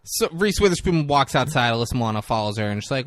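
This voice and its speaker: A man's voice: medium pitch, no room sound, clean studio sound. A man co-hosting a casual podcast, recapping a film scene by scene and acting out bits of dialogue. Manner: animated, acts out scenes in quick voices. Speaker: podcast co-host. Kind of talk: casual movie recap chat.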